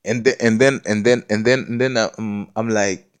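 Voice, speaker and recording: A man's voice: on the low side, fairly even intonation, normal speed, clear, resonant tone. A man in a casual spiritual monologue, rambling, repeating words, and swearing as he affirms himself and keeps asking if you understand him. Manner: self-affirming, preachy, often asks "you understand me?".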